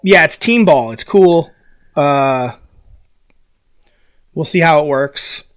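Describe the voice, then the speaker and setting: A man's voice: fairly high pitch, slow pace, clean tone. A young man co-hosting a casual podcast, ranting about sports with swearing and mocking put-on quotes. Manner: animated, swearing, mocking impressions. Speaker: podcast co-host.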